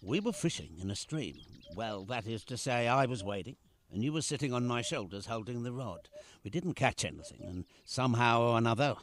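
A man's voice: medium pitch, animated, a little fast, a bit bright, a little hiss or hum, close to an everyday voice. A man in a radio play voicing a poor, doting father who tells fond stories with dry humor. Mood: tender. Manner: wry, fond storytelling. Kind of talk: amateur radio play acting.

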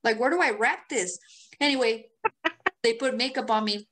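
A woman's voice: fairly high pitch, moderate pace. A woman co-hosting a podcast, telling stories in a casual, profane, laugh-filled chat. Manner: animated, profane storytelling with frequent laughter. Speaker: podcast co-host.

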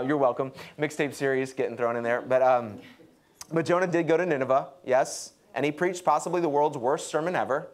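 Guy preaching, young, kinda high voice, acts out the quotes all animated. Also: a little fast. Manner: lively, acts out quotes with pitch jumps. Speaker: pastor. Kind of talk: sermon.

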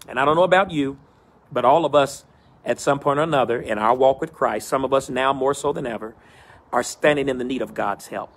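A man's voice: medium pitch, brisk. A middle-aged man preaching a sermon as pastor, in a rhythmic, repetitive cadence, outdoors in the wind.

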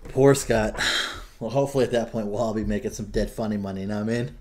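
A young man hosting a podcast in casual chat, an animated storyteller who swears freely. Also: on the low side, fast talker. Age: young adult. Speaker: podcast host.

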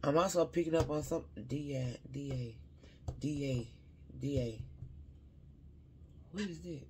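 A man's voice: a little high, a little slow, slight background noise. A man giving a casual spiritual reading to his viewers, rambling and talking straight to them while often second-guessing his own words.

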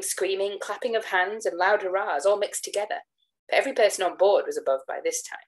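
A woman giving a dramatic reading of a classic tale, acting out the dialogue with shifts of pitch. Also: low-quality recording. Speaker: reader of gothic tales.

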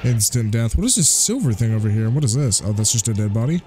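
A man hosting a let's play, commentating excitedly and trash-talking the enemies. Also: medium pitch, fast. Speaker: gaming channel host. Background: game music.

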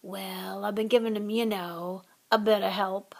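Gruff half-giant groundskeeper, woman reading, loud, growling, blunt, audiobook. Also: mid-range voice, steady tone, a little slow. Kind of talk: audiobook character voice.

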